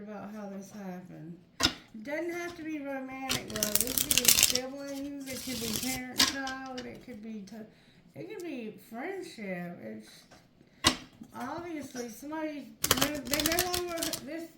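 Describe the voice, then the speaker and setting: A woman reading tarot for her viewers, talking frankly and chattily and now and then calling on spirit. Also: high voice. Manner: frank, chatty, addresses spirit, earthy phrasing. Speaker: tarot reader. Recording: echoey room with noise behind.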